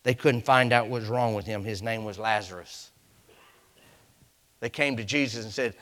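A man preaching a sermon, reading scripture in old King James wording and swinging from hushed whispers to shouted climaxes. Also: on the low side, moderate pace, long pauses.

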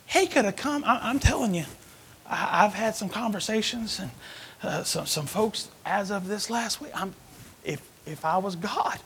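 A man preaching a sermon as associate pastor, swinging between hushed whispers and loud emphatic calls. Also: high voice, normal speed, slight background noise. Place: church sanctuary.

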